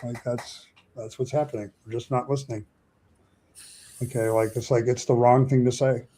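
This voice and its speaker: A man in casual podcast chat, calm and reflective as he responds. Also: medium pitch, normal speed.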